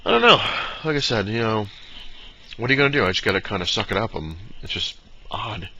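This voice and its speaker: This vlogger's fairly low voice is pushed and bright, animated and fairly quick as he rambles casually through a lengthy personal anecdote with many fillers. He briefly mimics people in the story, his dad's words especially. The lo-fi recording is dull, with slight noise.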